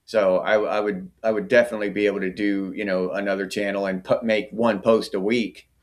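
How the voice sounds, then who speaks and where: A man's voice: fairly low pitch, level tone, fairly quick. A middle-aged man hosting a casual livestream, chatting and answering viewer comments by name. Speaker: livestream host.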